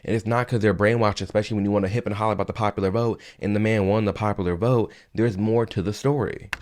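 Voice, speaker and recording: A man's voice: on the low side, steady tone, quick pace, a little mellow. A man giving heated opinion commentary on his own channel, arguing and firing off rhetorical questions. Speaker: commentary vlogger. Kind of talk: opinion commentary reacting to clips.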